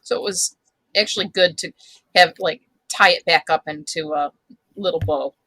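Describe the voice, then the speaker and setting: A chatty woman with a bright, sharp voice talks through a podcast conversation. She hesitates often with ums, and the sound is dry and close to the mic. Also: on the low side, normal speed, husky, no echo, poor audio. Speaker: podcast co-host. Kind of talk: casual chat.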